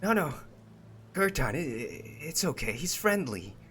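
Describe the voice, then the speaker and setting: A man voicing an excitable, friendly goblin who talks in a flustered, eager rush. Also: on the high side, a little slow, soft background music, voice pushed up.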